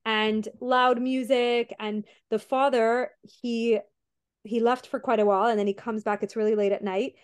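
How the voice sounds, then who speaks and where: A woman's voice: a little high, little pitch movement, moderate pace, smooth. A young woman hosting a podcast, retelling a story in a rambling way with many fillers and restarts. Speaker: podcast host.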